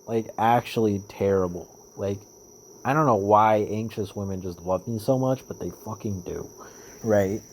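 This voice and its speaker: A young man talking in a casual vlog monologue, rambling with lots of fillers and swearing, getting animated as he retells stories. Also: on the low side, normal speed, a little hiss or hum. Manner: rambling, profane, with many fillers and restarts. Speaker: vlogger.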